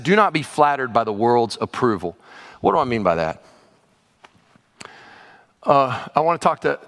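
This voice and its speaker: A man's voice: lowish voice, a bit bright. A man pastor preaching a sermon in a conversational way with sudden exclamations, heard in a large church hall. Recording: reverberant hall.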